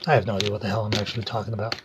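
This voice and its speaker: A man's voice: on the low side, level tone, racing, noisy background. A man hosting a live stream, rambling playfully and doing tarot readings for viewers. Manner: playful, rambling, self-mocking.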